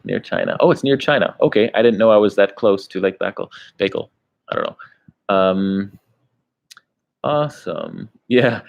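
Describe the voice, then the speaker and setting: A man's voice: fairly low pitch, gravelly, highs cut off. An American man, a travel vlogger, chatting casually on a livestream as he reads viewer comments, rambling and laughing between thoughts. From United States.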